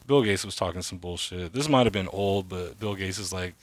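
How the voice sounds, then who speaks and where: A man's voice: low voice, fairly quick, dry recording. A man in his thirties hosting a casual solo podcast, rambling and swearing freely with lots of fillers. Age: 30s. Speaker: podcast host.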